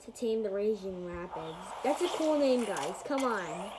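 A woman's voice: mid-range voice, lively intonation, a little slow, background noise. A woman giving casual gameplay commentary, rambling to her viewers with lots of fillers and murmuring to herself as she builds. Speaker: gaming channel host.

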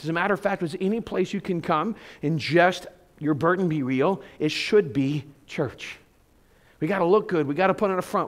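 A middle-aged man, a pastor, preaching a sermon in a church, talking conversationally with stories and rhetorical questions. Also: sits high. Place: church sanctuary.

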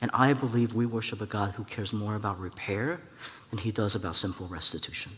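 A man preaching a sermon as a church elder, telling a personal story in a lively way and acting out the voices of the people in it. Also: on the low side, fairly quick. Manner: animated storytelling, acts out voices, laughs at own story. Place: church hall. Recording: church hall with long reverb.

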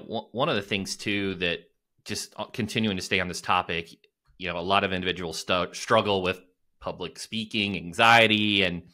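A man hosts a business podcast and interviews a guest. His voice is very low, but its tone is bright and forceful. He often repeats words and restarts as he works out his questions. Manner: halting, with many restarts and fillers. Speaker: podcast host.

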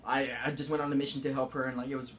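A man giving a casual spiritual talk, rambling with many fillers and halting restarts. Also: mid-range voice, flat delivery, a bit bright. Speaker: spiritual vlogger.

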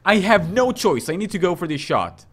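A young man streaming a game, commenting loudly with crude jokes and sudden yells. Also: sits high, moderate pace. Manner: excitable, yelling and crude joking. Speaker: gaming streamer.

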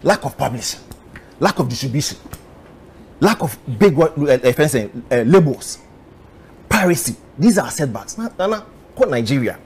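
A man's voice: mid-range voice, sing-song, normal speed, pauses often, darkish tone, breathy edge. A Ghanaian man in a heated argument, lecturing and listing his points. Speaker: music critic.

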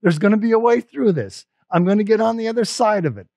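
A man delivers a sermon as a pastor, telling personal stories in a conversational, emphatic way that stumbles and restarts as he goes. His voice sits high for a man. The sound is dry and close, with almost no room around it. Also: expressive, fast talker, vocal fry, a little mellow, no room sound. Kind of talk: Easter sermon.

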